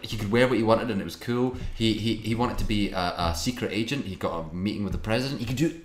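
A man with a low voice tells a meandering, animated story. He chats casually as a guest. The room around him rings with echo. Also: fast. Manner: rambling, animated storytelling with impressions. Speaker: podcast guest. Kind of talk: casual chat. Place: live podcast venue.

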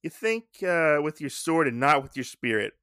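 A man voicing a stern, aloof male cat swordmaster in a comic retelling, gruff and dismissive. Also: on the high side, lively intonation, moderate pace, fairly bright tone, no echo, studio quality. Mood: scornful.

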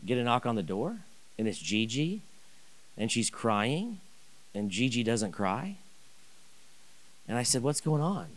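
Animated man preaching a personal story. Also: mid-range voice, unhurried, pauses often, a little hiss or hum. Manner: animated, rambling, many restarts and asides. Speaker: pastor. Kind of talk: sermon storytelling.

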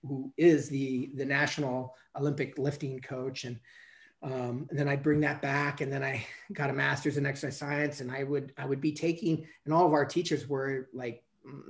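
A man's voice: medium pitch, level tone, moderate pace. A man in his fifties guests on a podcast as a coach. He tells long stories in a loose, rambling way, full of fillers and restarts. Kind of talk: casual storytelling interview.

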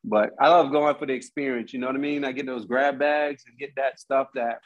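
A man's voice: medium pitch, fairly even intonation, a little fast, muffled recording. A man in a casual chat who is laid-back and jokey and talks while eating. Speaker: guest.

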